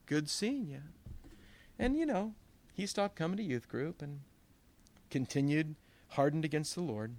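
A man's voice: on the high side, animated, measured pace, long pauses, darkish tone. A man preaching a sermon as pastor, telling stories with quoted voices and emphatic rises. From Northern California.

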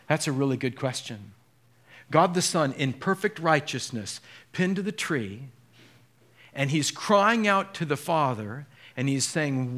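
A man's voice: fairly high pitch, expressive, moderate pace, a bit bright. A man from Southern California preaching a sermon in an earnest way that builds to impassioned peaks. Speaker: pastor.

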